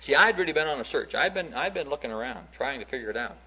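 A man's voice: medium pitch, expressive, quick pace, sharp tone, husky. A man preaching a sermon through folksy, conversational storytelling, acting out the stories he tells. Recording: dull lo-fi recording.

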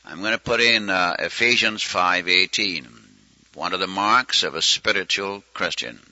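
Folksy preacher with a bright, tense voice. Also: male voice, sits low, normal speed, no room sound. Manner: folksy storytelling, acts out quoted prayers. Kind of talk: sermon teaching. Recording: muffled lo-fi recording.

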